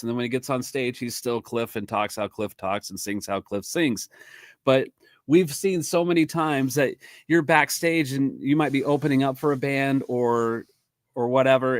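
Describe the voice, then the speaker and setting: A man hosts a relaxed podcast conversation at a mid-range pitch, talking eagerly and breaking into laughter often. His voice sounds close and dry, with no room echo. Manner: enthusiastic, chatty, quick to laugh. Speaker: podcast host and drummer. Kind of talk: casual interview chat.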